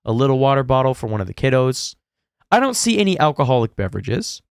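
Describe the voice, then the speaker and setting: A man's voice: big pitch swings, fast, creaky, clear, resonant tone, no room sound, clean studio sound. A man giving sarcastic, indignant commentary over a video clip. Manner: indignant, sarcastic, swings into high exaggerated voices. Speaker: commentary YouTuber. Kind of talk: reaction commentary.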